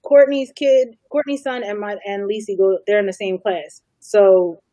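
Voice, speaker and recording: A woman's voice: mid-range voice, steady tone, moderate pace, mellow, no room sound. A woman hosting a casual chat with friends, telling stories and mimicking the people she quotes. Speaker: host.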